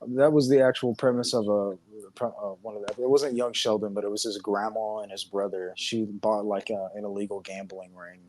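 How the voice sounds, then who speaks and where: A man's voice: on the low side, steady tone, moderate pace, few pauses, darkish tone, a little hiss or hum, rough recording. A man co-hosting a podcast in casual chat, telling rambling, profane stories. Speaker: podcast co-host.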